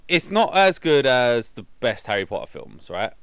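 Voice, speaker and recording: A man co-hosting a casual film review chat, arguing and cutting in with quick rebuttals. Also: mid-range voice, very animated, a bit bright, clear, resonant tone, no echo. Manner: argumentative, quick to interrupt.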